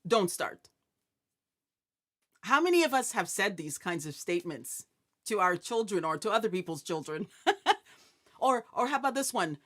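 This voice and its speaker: A woman's voice: mid-range voice, big pitch swings, normal speed, fairly bright tone. A woman hosting a live inspirational talk show, chatty and joking, often putting questions to her audience. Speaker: host.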